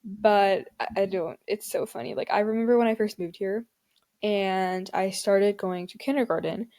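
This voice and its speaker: A woman's voice: medium pitch, fairly even intonation, moderate pace, dark tone. A young woman hosting a casual solo podcast, rambling with many filler words and frequent laughs. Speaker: podcast host.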